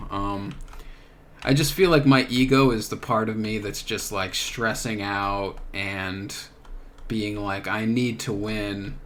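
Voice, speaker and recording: A young man hosting a solo podcast, thinking out loud in a searching, rambling way with many filler words. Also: fairly low pitch, slight background noise. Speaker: podcast host. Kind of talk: reflective solo monologue.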